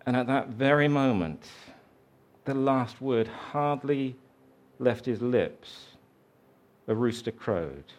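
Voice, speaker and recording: Telling a story in his sermon, a preacher speaks slowly and reflectively and gets louder on the quoted lines. He has an expressive, medium-pitched voice.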